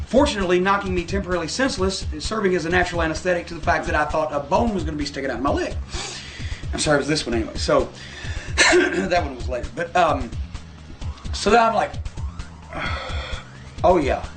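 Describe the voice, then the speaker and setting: A man telling a long, profane anecdote in a casual interview, animated and full of asides. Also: high voice. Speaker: guest telling a story. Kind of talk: casual storytelling.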